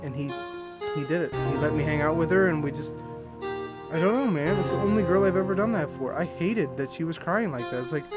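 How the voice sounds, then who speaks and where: A man's voice: fairly high pitch, brisk. A young man streaming a game, rambling candidly and swearing freely as he tells stories. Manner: rambling, profane, candid storytelling. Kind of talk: live gameplay commentary. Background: loud game music.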